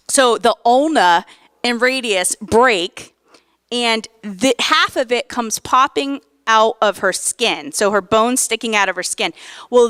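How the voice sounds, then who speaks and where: Woman pastor in her 40s, lively storytelling sermon, smooth clear voice, dry sound. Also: a little high, dry recording. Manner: lively storytelling, animated emphasis. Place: church.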